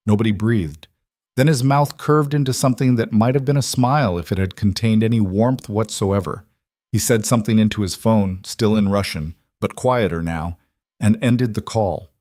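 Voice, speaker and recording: Man, dramatic scripted narration, deep voice, dry recording. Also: normal speed, darkish tone, no room sound. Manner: dramatic, suspenseful storytelling.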